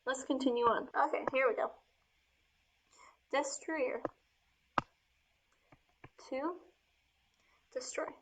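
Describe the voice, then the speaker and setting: A woman teacher walks through verb endings at an unhurried, deliberate pace. Her voice sits a little high, and some words fall to a quiet murmur as she writes them out. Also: noisy background. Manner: slow, step-by-step explaining. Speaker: Spanish teacher. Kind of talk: explaining grammar while writing.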